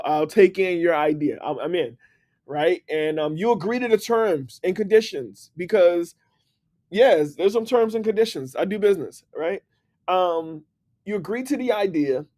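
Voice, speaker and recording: A man with a DC accent hosting a casual livestream. His voice sits a little high and swings widely as he laughs and talks straight to his viewers, with plenty of energy. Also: mellow. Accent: Washington DC. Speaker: livestream host and book writer.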